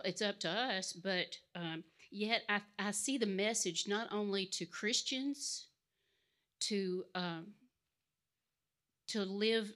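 A woman's voice: lowish voice, a bit bright. A woman in a church study group sharing a thought hesitantly.

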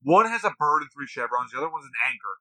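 A young man telling stories in casual chat, profane and animated, acting out the voices of the people he quotes. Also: a little high, fast talker, dry recording, poor audio.

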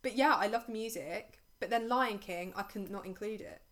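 A woman's voice: mid-range voice, normal speed. A young woman as a podcast guest, chatting enthusiastically. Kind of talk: casual chat.

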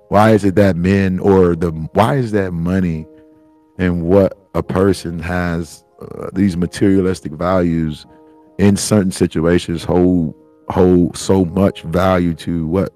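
Male podcast host, lower register, rambling heartfelt monologue over soft background music. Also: no echo. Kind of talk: solo reflective monologue.

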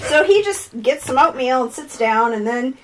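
A woman casually recapping a film plot, swearing freely and animated. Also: high voice, moderate pace, slight background noise, rough recording. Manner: profane, animated retelling with voiced quotes.

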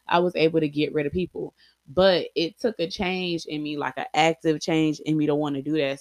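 A woman's voice: sits low, no room sound. A young adult woman vlogger telling personal stories candidly, blunt and heavily profane, acting out quoted lines.

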